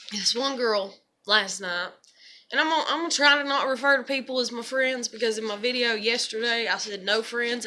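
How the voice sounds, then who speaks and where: A young woman rambles to camera in an animated, unplanned vlog monologue, her speech full of "you know" and restarts. Her voice sits a little high and sounds bright and forceful. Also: a little hiss or hum. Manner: animated storyteller, filler-heavy, lots of "you know". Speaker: vlogger.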